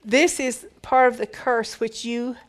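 A woman's voice: fairly high pitch, steady tone, measured pace. A woman giving a conversational Bible teaching, reading verses aloud and explaining them with emphatic repetition.

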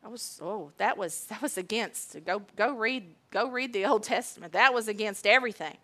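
A woman preaching a sermon, emphatic and deliberate, repeating key phrases. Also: mid-range voice, fairly bright tone.

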